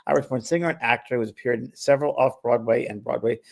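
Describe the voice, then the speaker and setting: Speaking fast with a steady, creaky, medium-pitched voice, a man who works as a medium hosts a spiritual talk show. The conversation is casual and a little rambling, marked by frequent restarts and laughter.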